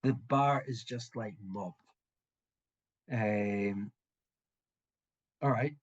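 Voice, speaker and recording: Husky male game master, halting. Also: on the low side, highs cut off. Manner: halting, full of ums and restarts. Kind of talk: narrating a tabletop game.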